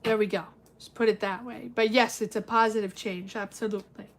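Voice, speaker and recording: A woman's voice: mid-range voice, steady tone, brisk, slight background noise. A woman giving a live-stream tarot reading, chatty and reassuring, thinking aloud with lots of fillers. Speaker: tarot reader.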